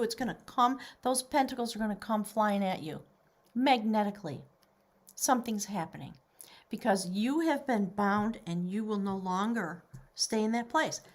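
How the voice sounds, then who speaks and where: A woman giving a tarot reading to camera, animated and excitable, now and then dropping to a whisper. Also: a little high. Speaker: tarot reader.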